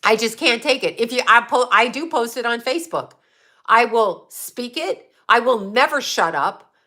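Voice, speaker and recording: A woman with a bright, forceful voice that sits a little high, chatting off the cuff on a livestream. She talks bluntly and swears freely as she answers her viewers. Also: animated, normal speed. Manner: blunt, profane, outspoken. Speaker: livestream host answering chat. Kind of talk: casual unscripted livestream chat.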